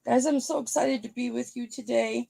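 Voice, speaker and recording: A woman hosting a live online jewelry auction, chatting playfully with her viewers and thinking out loud. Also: on the high side, steady tone, moderate pace, creaky, no room sound. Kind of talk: casual live-stream auction patter.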